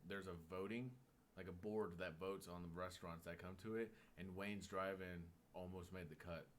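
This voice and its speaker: A man's voice: deep voice, steady tone, moderate pace, a little hiss or hum. A young man from Oklahoma co-hosting a podcast in laid-back, jokey casual chat. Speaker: podcast co-host.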